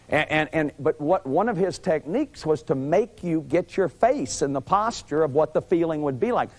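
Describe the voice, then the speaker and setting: Animated high-voiced man in his fifties. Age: 50s. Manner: animated, acts out little scenes with sudden shouts and growls; repeats words as he restarts sentences. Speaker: lecturer on family therapy. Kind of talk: lively lecture.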